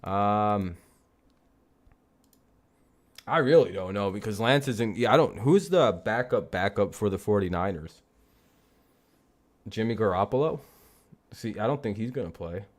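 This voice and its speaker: A man's voice: lowish voice, lively intonation, normal speed. A man hosting a casual live football talk stream, rambling and joking with plenty of swearing. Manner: rambling, profane, laughing jokily. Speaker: streamer and host.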